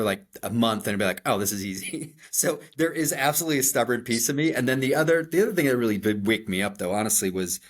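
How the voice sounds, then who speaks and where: Telling stories on a podcast he co-hosts, this middle-aged man from Chicago has a mid-range voice and a Chicago accent. His conversational delivery is animated and self-mocking, with frequent restarts.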